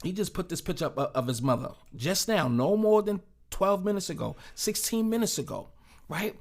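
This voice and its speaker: A man with a fairly high voice reacts to celebrity feud news in loose street slang. He talks in a casual commentary style, stumbling over and repeating words as he goes. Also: animated, moderate pace.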